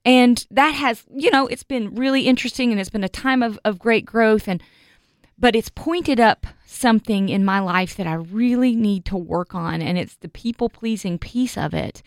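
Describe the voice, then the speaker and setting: A woman co-hosting a faith podcast, telling a personal story in an earnest, animated way. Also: fairly high pitch, normal speed, dry recording, studio quality. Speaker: podcast co-host, radio morning show host.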